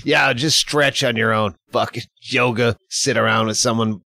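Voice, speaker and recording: A man's voice: mid-range voice, steady tone, moderate pace, pushed and bright, no echo, studio quality. Crude, joking man hosting a podcast. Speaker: podcast host. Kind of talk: casual podcast chat.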